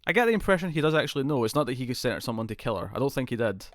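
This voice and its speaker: A man's voice: medium pitch, sing-song, racing, dry recording. A man with a British accent chatting casually as co-host of a TV review show, rambling and acting out scenes. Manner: rambling, acts out characters' lines with laughs. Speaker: podcast co-host.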